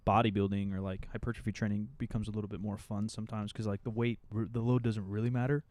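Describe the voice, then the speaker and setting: A man's voice: on the low side, fast. A man in his thirties co-hosting a podcast, talking casually and animatedly with lots of fillers. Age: 30s. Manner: chatty, animated, frequent "like" and "kinda". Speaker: podcast co-host. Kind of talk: casual chat.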